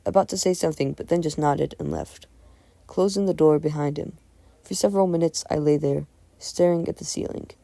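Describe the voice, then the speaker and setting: A woman narrating a horror story in a calm, steady scripted read, recorded close to the mic. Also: low-pitched, no echo.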